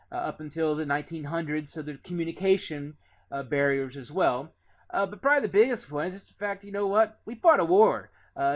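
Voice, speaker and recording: Man lecturing, higher-pitched voice. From Indiana. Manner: relaxed, lots of "uh" fillers, conversational. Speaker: teacher. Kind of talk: recorded classroom lecture.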